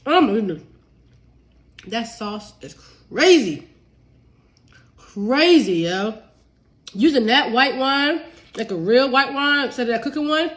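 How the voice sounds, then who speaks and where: A woman's voice: mid-range voice, a bit bright. A woman with a cold, sniffling as she cooks live and chats casually with her viewers, laughing easily. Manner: chatty, addresses viewers as y'all, laughs easily. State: sick and sniffly. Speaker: home cook and cookbook author. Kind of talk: casual live cooking stream.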